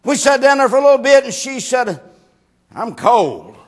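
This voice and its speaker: A man preaching a sermon, telling a folksy story and rising into shouted preaching. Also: very high-pitched, fairly even intonation, fast talker.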